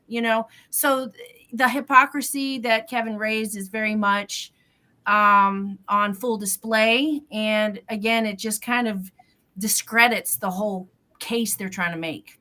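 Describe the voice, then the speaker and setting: A woman with a bright, sharp voice argues her point on a talk panel. She speaks in a measured way and often pauses on fillers. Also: medium pitch, fairly even intonation. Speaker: co-host of a local talk show. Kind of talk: opinionated panel discussion.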